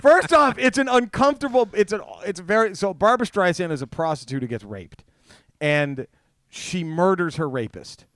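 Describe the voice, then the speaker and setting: Co-host, high bouncy voice, animated storyteller, dry close sound. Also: male voice, moderate pace, no room sound. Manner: animated, laughs through his own story. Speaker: podcast co-host. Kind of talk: casual storytelling chat.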